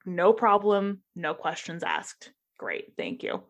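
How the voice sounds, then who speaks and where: A woman's voice: medium pitch, very animated, slow, fairly bright tone. A woman casually telling a funny work story on a podcast, laughing often as she talks.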